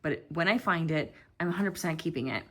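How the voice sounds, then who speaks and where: A woman's voice: sits low, a little fast, fairly bright tone. Chatty, rambling woman vlogger. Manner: chatty and rambling, with frequent fillers and "like". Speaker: tarot and oracle deck vlogger. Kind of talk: casual chat.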